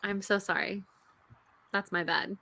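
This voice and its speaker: A woman co-hosting a casual writers' chat stream, animated and laughing often. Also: mid-range voice, unhurried, a loud crowd. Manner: animated, laughs often, reads excerpts aloud. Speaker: writing stream co-host.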